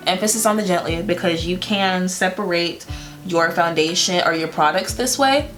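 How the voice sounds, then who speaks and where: Over background guitar music, a young woman talks her way through a makeup tutorial as a beauty vlogger, relaxed and playful, dropping fillers and little laughs. She speaks at a moderate pace in a mid-range, fairly bright voice.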